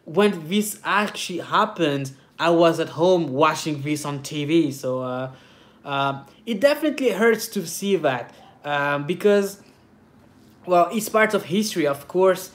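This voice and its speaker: A native French speaker from France, with a French accent, hosts a casual livestream from home in Paris as a slalom skater. Her medium-pitched voice has lively intonation and an unhurried pace as she chats and reads comments, with lots of hesitant filler sounds.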